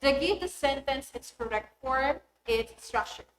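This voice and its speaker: A woman, a teacher giving a recorded English lesson in a clear, deliberate voice that stresses key words. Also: high voice. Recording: echoey room with faint noise.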